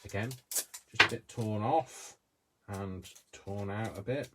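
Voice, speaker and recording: A man's voice: fairly low pitch, takes it slowly, background noise. A man with a Coventry accent giving a casual crafting demonstration, chatty and rambling, talking to himself as he works at his desk. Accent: Coventry English. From Coventry, England. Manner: chatty, rambling, talks to himself while working. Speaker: craft tutorial host.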